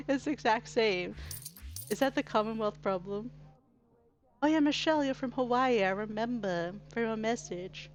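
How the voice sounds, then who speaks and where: A woman's voice: a little high, moderate pace, long pauses. An Australian woman streaming a game, chatty and giggly, with lots of "like". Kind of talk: casual gameplay chat.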